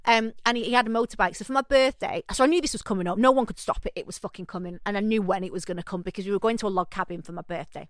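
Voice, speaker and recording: A woman, telling animated, swear-filled stories as a podcast co-host. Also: mid-range voice, rapid-fire, few pauses, no room sound, studio quality. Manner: animated, swears freely, acts out quoted voices. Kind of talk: casual storytelling chat.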